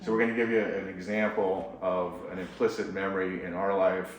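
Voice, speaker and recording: A man who is a couples therapist, explaining ideas in a relaxed, conversational way and laughing easily. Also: sits low, a little fast, a little hiss or hum. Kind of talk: casual explanatory talk. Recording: echoey room, voice from a distance.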